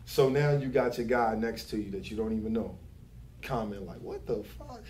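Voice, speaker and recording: A man's voice: fairly low pitch, moderate pace, darkish tone. A young man, a barber giving advice to new barbers in casual, profane chat, repeating his catchphrases. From Philadelphia. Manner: loose, swearing, repeats catchphrases.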